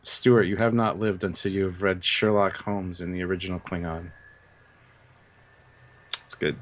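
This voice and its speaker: A man's voice: deep voice, fairly even intonation, normal speed. Dry-humored man on a dull mic. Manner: dry, wry, reading chat messages. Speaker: host. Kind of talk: casual live stream chat.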